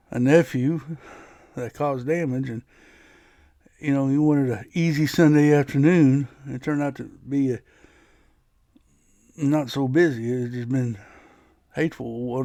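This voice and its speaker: A man's voice: medium pitch, gravelly, mellow, no echo. A man hosting his own podcast, telling a personal story in a casual, rambling way, often restarting his sentences. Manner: rambling, frequent restarts and laughs. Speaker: podcast host.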